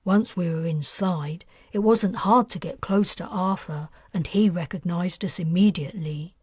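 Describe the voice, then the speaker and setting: A woman's voice: lowish voice, normal speed, darkish tone, slightly rough, dry recording, clean studio sound. A woman reading an earnest, defensive teenage boy who explains his plans at length, in a storybook.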